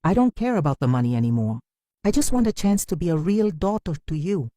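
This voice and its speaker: A woman's voice: lowish voice, expressive, fairly quick, mellow, no room sound, clean studio sound, pitched above the performer's own voice, close to an everyday voice. A woman voicing a remorseful adult daughter, tearful and pleading, with a broken voice.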